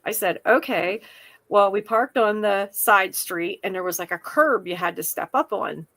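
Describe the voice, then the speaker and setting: A woman's voice: mid-range voice, normal speed, fairly bright tone. A middle-aged woman co-hosting a podcast, telling a story in casual chat and laughing through it. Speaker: podcast co-host.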